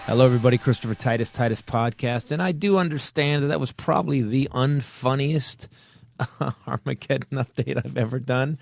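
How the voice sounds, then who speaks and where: A man's voice: mid-range voice, brisk, creaky, darkish tone. A man hosting a comedy podcast, ranting in a profane, fired-up way between casual banter. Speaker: podcast host. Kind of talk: comedic political rant and casual chat.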